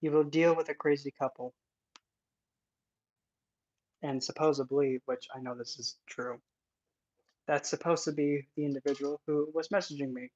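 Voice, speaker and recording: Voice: mid-range voice, fairly even intonation, fairly quick, a little mellow. An occult content creator giving casual vlog commentary in an indignant, sarcastic manner. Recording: dull lo-fi recording.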